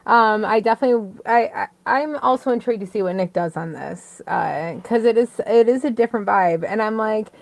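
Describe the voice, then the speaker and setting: A woman's voice: mid-range voice, fairly quick, creaky, hardly any pauses, dry recording. A woman with a Canadian accent giving a casual music review, chatty and giggly, with many fillers. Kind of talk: casual chat.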